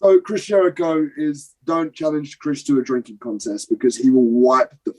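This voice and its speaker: A young adult man from Britain, the guest on an interview show, tells an animated story. He swears casually and acts out scenes. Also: medium pitch, normal speed, low-quality recording. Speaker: guest, professional wrestler. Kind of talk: animated anecdote telling.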